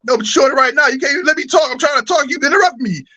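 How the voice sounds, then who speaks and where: A man's voice: very high-pitched, racing, a crowd in the background, low-quality recording. A man ranting on a livestream, exasperated and cursing at nearly every turn. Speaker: guest on livestream. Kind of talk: heated casual debate. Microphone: video call.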